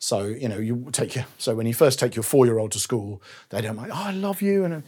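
A man's voice: medium pitch, brisk, dark tone, breathy edge. A man in his forties preaching a conversational sermon, telling personal stories with self-deprecating asides.

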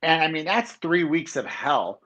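Bright-voiced man, chatty host. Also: a little high, very animated, measured pace, rough recording. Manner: loose, chatty storytelling with lots of "like" and "you know". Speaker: podcast host. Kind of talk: casual interview.

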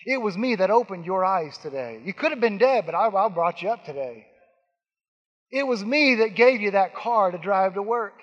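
A man's voice: sits high, expressive, normal speed, fairly bright tone, lo-fi sound. A man preaching who voices God speaking tenderly and eagerly to a listener, in a room with long reverb. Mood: reassuring. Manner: tender, pleading and reassuring.

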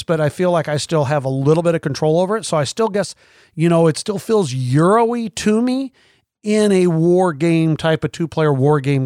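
Hesitant male co-host, rambling, fairly high voice, dry close sound. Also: a little mellow, no echo. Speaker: podcast co-host. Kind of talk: casual chat.

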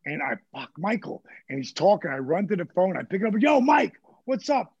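A man's voice: a little high, fast, husky, no echo. A man in his sixties telling casual, profane stories and acting out the quotes. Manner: profane, animated, acts out quotes. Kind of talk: casual storytelling. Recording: dull, muffled audio.

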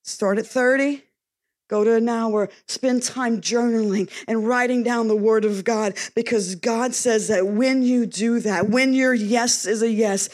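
A woman's voice: fairly high pitch, darkish tone. A woman preaching a sermon in a punchy, conversational way, reading scripture aloud between short asides.

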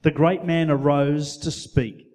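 A man's voice: a little high, steady tone, a little mellow. Sex: man. Role: preacher. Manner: earnest, measured, with fillers and restarts. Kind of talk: sermon. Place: church hall.

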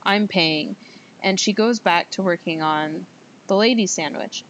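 A woman's voice: measured pace, a bit bright, highs cut off. Rambling young woman, chatty storyteller. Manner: rambling, chatty, lots of "like" fillers, self-mocking. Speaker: podcast host. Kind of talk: casual storytelling monologue. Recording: faint background noise with low rumble.

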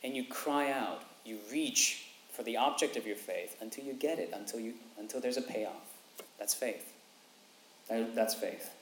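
Animated man preaching in an echoey room. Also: medium pitch, moderate pace, a little hiss or hum. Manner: animated, repeats phrases for emphasis, acts out quotes. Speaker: pastor. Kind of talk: sermon. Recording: echoey room, faint ambience.

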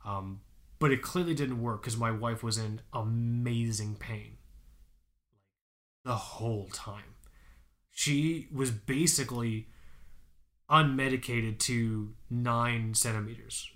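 A man's voice: medium pitch, takes it slowly, long pauses, a bit bright. A man co-hosting a casual podcast, telling a story emphatically, with frequent swearing and fillers. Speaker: podcast co-host.

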